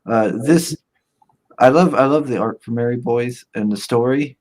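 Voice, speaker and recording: A man chatting casually as co-host of an online show. He rambles through chat messages and breaks into laughter often, in an easy middle-pitched voice. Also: moderate pace, a little mellow. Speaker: podcast co-host reading chat.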